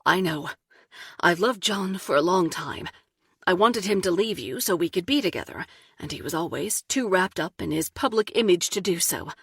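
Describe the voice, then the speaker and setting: A woman's voice: lowish voice, animated, moderate pace, slightly rough, no echo, studio quality. A woman voicing an earnest jealous lover. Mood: confessional. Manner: earnest, confessional. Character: young man, jealous secret lover, earnest.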